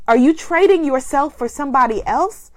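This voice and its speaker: A woman hosts a spiritual group call, giving an animated, preacherly talk that affirms her listeners. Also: high voice, moderate pace, dry recording. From Guyana. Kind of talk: inspirational live talk.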